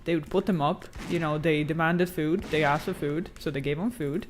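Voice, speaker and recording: Game streamer, casual live chat, slangy, cursing, reads chat out loud, rambling. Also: mid-range voice, steady tone, normal speed, slight background noise. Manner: rambling, many fillers and restarts.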